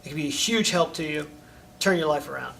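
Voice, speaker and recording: A man's voice: a little fast, creaky, sharp tone. A middle-aged man, a karate instructor, talking casually to his students and coaching them, often checking in with "all right?". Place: karate school training hall. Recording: distant mic, faint rumble.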